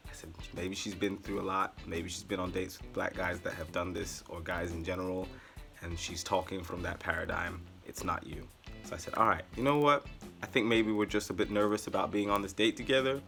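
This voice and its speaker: A man telling a rambling personal story in a casual, animated way, with sarcastic asides. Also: low voice, fairly quick, vocal fry, over music. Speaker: vlogger.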